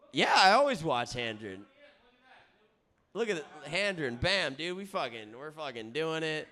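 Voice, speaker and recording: A young man telling a rambling, profanity-laced story in a casual chat, often checking in with "all right?" and getting loud when he gets worked up. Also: fairly high pitch, a little slow. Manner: rowdy, swearing, keeps saying "all right?" and "dude"; gets loud and excited at times. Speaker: comedy podcast host.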